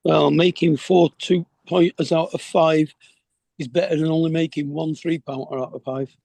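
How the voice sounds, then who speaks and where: Man, gravelly husky voice, higher pitch, calm reasoning on a call. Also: moderate pace. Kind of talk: casual chat. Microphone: video call.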